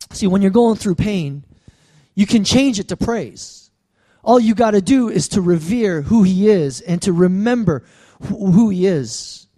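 A man with a high, light voice preaches a sermon. He talks to the congregation in call-and-response asides, drawing amens and asking if they hear him. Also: expressive, a little slow, dark tone. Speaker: pastor.

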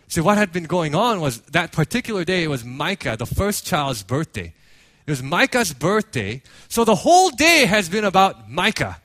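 A man preaching a sermon, telling a story with animated acted-out quotes and frequent casual fillers. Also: high voice, no echo. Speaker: pastor.

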